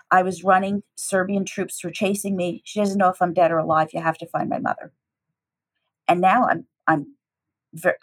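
Through a rough recording comes a woman's voice with a breathy edge: a middle-aged teacher from the United States. She recounts a personal story animatedly, voicing the dialogue with changes in pitch.

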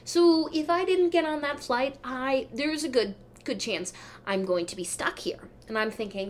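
A woman hosting a podcast, telling a travel story in a casual, animated way, her voice jumping up when she gets excited. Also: high-pitched, normal speed, slight background noise. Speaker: podcast host.

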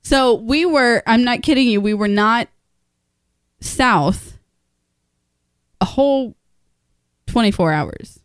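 A woman's voice: fairly high pitch, lively intonation, slow pace, pauses often, clear, resonant tone, no room sound, clean studio sound. A middle-aged woman from northern Kentucky chatting casually and laughing often as she tells stories. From northern Kentucky area. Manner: giggly, laughs often while telling stories. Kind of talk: casual chat.

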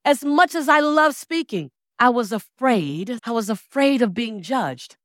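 A woman in her forties delivers a motivational speech from a stage, her voice sitting fairly high. She tells her story with theatrical flair, acts out the people she quotes, and hammers home phrases by repeating them. The sound is close and dry, with no room around it. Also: lively intonation, unhurried, no echo. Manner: dramatic storytelling, acting out quoted dialogue; emphatic, repeats key phrases. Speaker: motivational speaker. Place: stage before a live audience.

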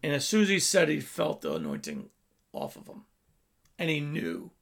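Male preacher, high and gravelly, dynamic sermon delivery. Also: huge pitch swings, moderate pace, fairly bright tone. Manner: storytelling preaching, swells and drops in volume.

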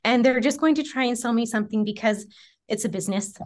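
A woman's voice: a little high, fast. A woman in her thirties, a guest in a casual interview, talking earnestly with frequent laughs and trailing restarts. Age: 30s.

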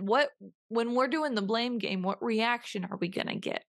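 A woman's voice: on the high side, normal speed, fairly bright tone. Young woman hosting her own show; earnest, reflective solo talk, circling back and restarting lines for emphasis. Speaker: podcast host.

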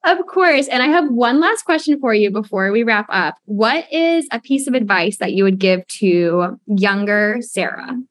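Young woman podcast host, gushing and casual, swears freely, mid-pitched voice, dry sound. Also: measured pace, few pauses, no echo. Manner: effusive, frequent "like" and swearing.

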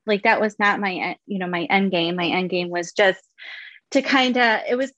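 In a dry, lo-fi recording, a dog-owning woman chats casually as an interview guest. Her voice sits in the mid-range with a fairly bright tone at normal speed, and her talk is full of fillers and frequent laughs.

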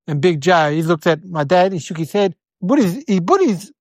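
A woman voicing an eight-year-old city boy, telling a rambling comedic story in a whiny, excitable way. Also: fairly low pitch, normal speed, no echo. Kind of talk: comedic character monologue.

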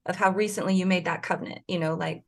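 A woman's voice: lowish voice, steady tone, fast, vocal fry. Earnest storytelling woman. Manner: emotional, earnest storytelling with many restarts. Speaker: podcast guest. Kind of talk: casual conversation.

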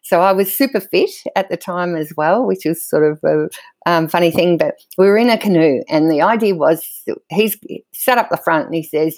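A middle-aged woman, a guest telling stories from her own life in a candid, animated way and laughing often as she talks. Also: on the low side, normal speed, dry recording. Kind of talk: candid conversational storytelling.

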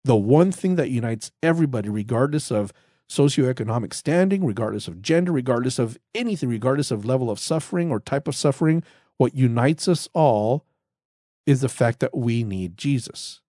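A man's voice: medium pitch, expressive, brisk, warm tone, no room sound, studio quality. A man giving earnest, conversational Bible teaching on a podcast, repeating himself and restarting phrases as he goes. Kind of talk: casual spoken Bible teaching.

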